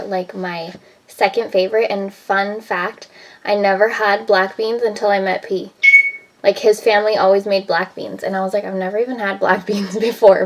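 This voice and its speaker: A woman talks casually as she cooks in her home kitchen. She rambles from one thought to the next and fills her speech with "like" and "um". She has a relaxed, everyday vlogging manner. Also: medium pitch, low-quality recording. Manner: chatty, rambling, heavy use of "like" and "um". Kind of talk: casual vlog chat.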